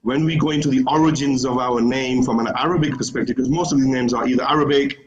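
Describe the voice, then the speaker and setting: A man's voice: mid-range voice, fairly even intonation, fast, highs cut off. A middle-aged man from the United Kingdom, a studio guest telling a rambling story and laughing easily. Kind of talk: casual studio chat.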